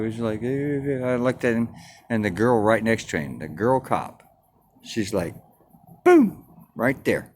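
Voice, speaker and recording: A man's voice: lowish voice, animated, moderate pace, slight background noise. A man telling a story in a crude, defiant, boastful rant, swearing constantly. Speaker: vlogger.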